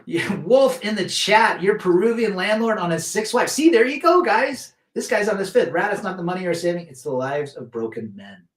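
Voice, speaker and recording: A man hosting a casual live stream, reading viewer comments aloud and telling stories in a loose, rambling way. His voice sits a little high for a man, and he often restarts his sentences. The room around him is noticeably echoey. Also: lively intonation, moderate pace, hardly any pauses. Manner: rambling, many restarts, reads chat aloud.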